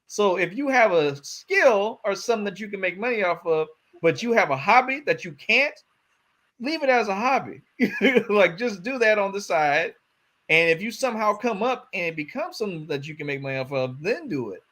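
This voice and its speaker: A man's voice: high voice, lively intonation, moderate pace, fairly bright tone. A man co-hosting a casual podcast chat, laid-back and chuckling as he talks. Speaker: podcast co-host.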